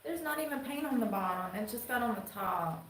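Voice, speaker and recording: A woman's voice: fairly high pitch, expressive, fairly quick, a bit bright, echoey room, slight background noise. A woman from North Carolina with a Southern twang, chatting casually and rambling on a home livestream, swearing freely. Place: indoors at home.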